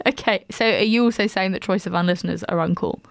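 A woman's voice: mid-range voice, fast talker, vocal fry, dry recording. A young woman with a southern English accent, teasing her co-host in casual conversation and laughing often. She talks in a loose, chatty way with plenty of fillers, and her voice sounds dry and close. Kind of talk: casual chat.

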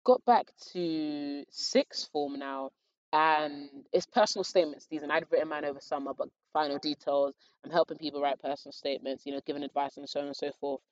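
Young girl doing a storytime vlog, lively slangy telling, dull dry sound. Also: sits low, a little fast, dry recording. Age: young adult. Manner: animated, acts out her own thoughts and others' lines with slangy asides. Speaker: vlogger telling her story. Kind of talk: casual storytime.

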